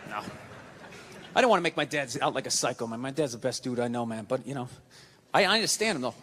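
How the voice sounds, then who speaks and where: A man's voice: medium pitch, expressive, brisk, long pauses, a little hiss or hum. A middle-aged man doing a stand-up comedy set, ranting in an exasperated, swearing way on stage. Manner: loud, exasperated rants, swearing. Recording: live hall with long reverb. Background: audience laughter.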